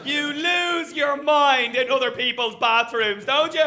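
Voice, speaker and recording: A man's voice: extremely high pitch, a little slow, sharp tone. A young Irish man doing a stand-up set, punchy and self-mocking, with tag lines after each joke. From Ireland. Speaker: stand-up comedian. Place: comedy venue with live audience.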